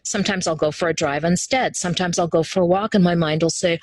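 A woman's voice: fairly low pitch, fairly even intonation, fast, hardly any pauses, darkish tone, no room sound, rough recording. A woman guest in a casual interview, talking animatedly and acting out quoted voices as she tells her stories. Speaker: interview guest, human design teacher.

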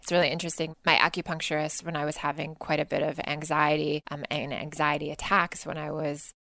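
Low gravelly-voiced woman host. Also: a little fast, dry recording. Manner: animated storyteller, quotes others in lively voice. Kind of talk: conversational podcast chat.

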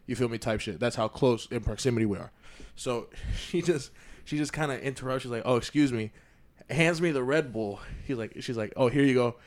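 A man co-hosting a casual podcast chat, telling a story with lively acted-out quotes and a lot of "you feel me.". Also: mid-range voice, a little fast. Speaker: podcast co-host.

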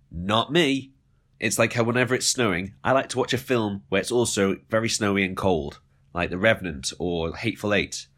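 A man hosting a podcast, delivering a comedic monologue with mock-dramatic swings and deadpan asides. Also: lowish voice. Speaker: podcast host.

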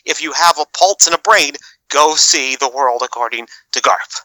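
Sarcastic ranting guy, bright sharp voice, cusses a lot, dry close sound. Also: a little high, moderate pace, no echo, rough recording. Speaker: podcast panelist. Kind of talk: casual chat.

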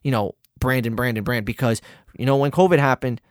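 A man's voice: mid-range voice, brisk, dry recording, studio quality. A man co-hosting a casual wrestling podcast, talking emphatically and repeating his points for stress. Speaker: podcast co-host.

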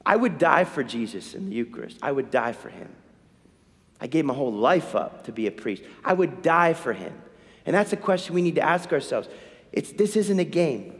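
A male priest delivers a sermon in a church, his voice a touch high and swinging widely up and down. He presses his listeners with urgent questions and repeats his key lines. A long reverb trails behind every phrase. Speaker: Catholic priest.

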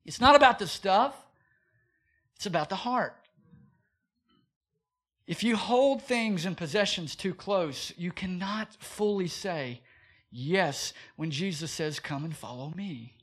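A man preaching a sermon as pastor, animated and full of rhetorical questions. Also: high-pitched, slow, long pauses, slightly rough.

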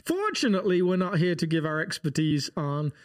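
Male pastor, podcast guest-host, fairly high voice, rambling and hesitant, lots of "like" and "um". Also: very animated, brisk. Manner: rambling, hesitant, many fillers. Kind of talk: casual chat.

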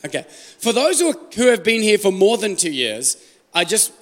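Animated Australian pastor preaching in a hall. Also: male voice, sits high, moderate pace. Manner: animated, joking, asks the room questions. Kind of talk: sermon. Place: church hall. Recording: live church hall reverb.

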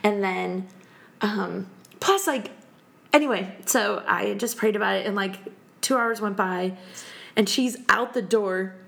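A woman in her thirties, a podcast guest telling a story in casual chat, animated and laughing often as she acts out quotes. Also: mid-range voice, unhurried, gravelly.

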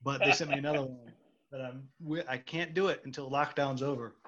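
A man's voice: mid-range voice, fairly even intonation, brisk, a bit bright, muffled recording. A man and stage actor hosting a casual interview, rambling and joking. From United States. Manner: chatty, rambling, jokey.

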